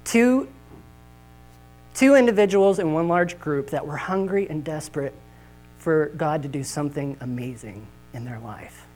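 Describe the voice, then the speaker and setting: A man's voice: fairly high pitch, unhurried, a little hiss or hum, low-quality recording. A man preaching a sermon with humorous, folksy storytelling at a church service. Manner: animated, jokey, folksy.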